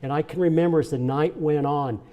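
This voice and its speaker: A man's voice: fairly high pitch, fairly quick, dark tone. An older man giving an earnest, emotional speech at a charity event. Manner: earnest, emotional storytelling with repeats. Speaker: honoree speaking at a charity event. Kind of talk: heartfelt personal speech.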